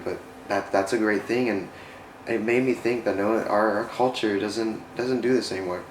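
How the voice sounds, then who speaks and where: A man's voice: on the low side, steady tone, normal speed, slight background noise. Earnest rambling man in an echoey room. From United States. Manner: rambling, earnest, often restarts and corrects himself. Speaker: vlogger. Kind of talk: casual faith-based vlog talk. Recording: roomy echo.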